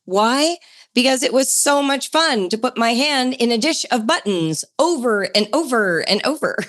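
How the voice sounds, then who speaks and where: A middle-aged woman hosting a homeschooling podcast, talking in a chatty, enthusiastic way that jumps higher for emphasis. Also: animated, normal speed, a bit bright. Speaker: podcast host.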